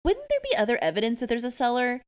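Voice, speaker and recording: Young woman podcast cohost, lively up and down voice, keeps doing little voices for the characters. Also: on the high side, fast. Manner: animated, acts out characters' lines in voices. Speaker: podcast co-host. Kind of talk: casual chat.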